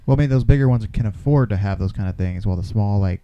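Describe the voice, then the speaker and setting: A man with a lowish, dark voice adds wry, short remarks to a casual conversation. His sound is dull and lo-fi. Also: fast talker. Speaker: podcast co-host. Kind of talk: casual chat.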